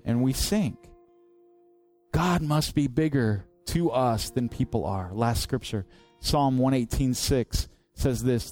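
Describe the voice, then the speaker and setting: A man's voice: mid-range voice, lively intonation, a little slow, a little mellow, soft background music. A man preaching a sermon as pastor, earnest and direct, driving points home with rhetorical questions.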